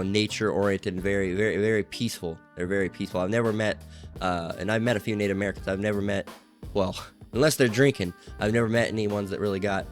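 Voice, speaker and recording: An online commentator with a low-pitched male voice reads out comments in casual commentary over faint guitar. He rambles, packing his talk with fillers and profanity.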